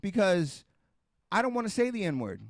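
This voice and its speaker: A middle-aged man on a casual podcast, swearing constantly as he hammers his point home. His voice sits a bit high for a man, and the sound is dry and close, with no room around it. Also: very animated, normal speed, no echo. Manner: heavily profane, emphatic ranting; repetitive, restarts and rhetorical questions. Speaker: podcast host.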